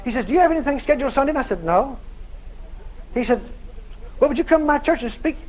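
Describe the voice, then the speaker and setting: A man preaching, telling a story with lively dialogue and loud shouted prayers. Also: very high-pitched, fast, poor audio. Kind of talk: sermon storytelling.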